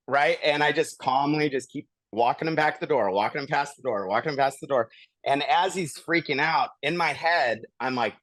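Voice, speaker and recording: A man with a middling voice tells a story in an easygoing podcast chat, animated and quick to laugh. His voice sits close to the mic in a dry, dead room. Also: mid-range voice, dry recording. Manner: animated retelling with laughs and acted-out quotes. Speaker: podcast host. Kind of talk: casual storytelling. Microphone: studio podcast mic.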